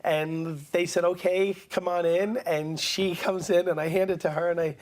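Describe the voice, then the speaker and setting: A man's voice: high-pitched, moderate pace. Guy telling showbiz stories on a talk show, jumps into voices for everyone he quotes. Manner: animated storyteller acting out quotes. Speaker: guest, writer-director-producer. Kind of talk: casual storytelling interview.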